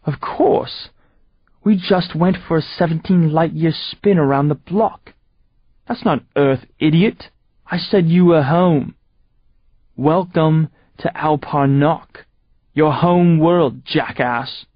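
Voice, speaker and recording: A man voicing a smug, mocking male alien overlord with an English accent, gloating in slow, drawn-out taunts. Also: on the high side, no echo, lo-fi sound, pitched above the performer's own voice.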